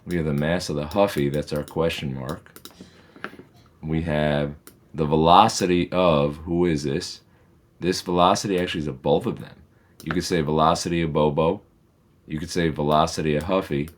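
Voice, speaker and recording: Very deep-voiced man teaching physics slowly. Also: steady tone, a little hiss or hum. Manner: patient, methodical explaining with reassuring asides. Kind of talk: recorded lesson walking through problems.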